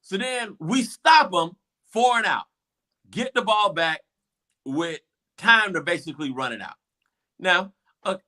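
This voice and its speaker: Male host, high-ish animated voice, excitable storyteller. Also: measured pace. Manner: excited storytelling, acts out crowd reactions. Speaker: show host. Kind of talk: animated game recap.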